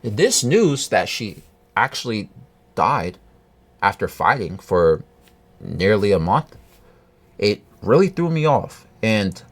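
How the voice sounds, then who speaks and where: A man telling a personal story to camera in a halting, earnest way, with many restarts and fillers. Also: on the low side. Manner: earnest, confiding. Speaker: vlogger.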